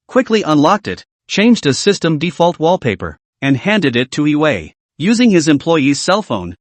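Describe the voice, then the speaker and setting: A man narrates a story recap in a fairly high voice, his pitch rising and falling a lot. The sound is dry and close, with no room around it, and he reads in an even, scripted way. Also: no echo. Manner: steady reading of dialogue and narration in one voice.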